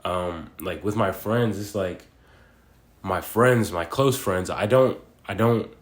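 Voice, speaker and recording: A man's voice: low voice, takes it slowly, roomy sound. A young man in his twenties talking in a casual, rambling monologue, full of slang and fillers. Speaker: vlogger.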